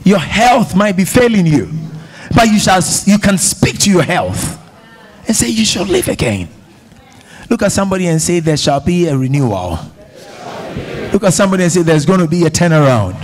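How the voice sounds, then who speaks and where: A man with an African accent speaks in a high voice with big pitch swings at a normal pace. Preaching to a congregation in a church hall, he is emphatic and rousing, leading a call-and-response as listeners repeat his words.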